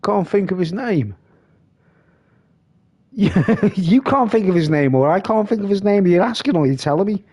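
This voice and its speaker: A man's voice: sits high, animated, normal speed, pauses often, darkish tone. A man hosting a live stream, rambling casually and reading comments aloud.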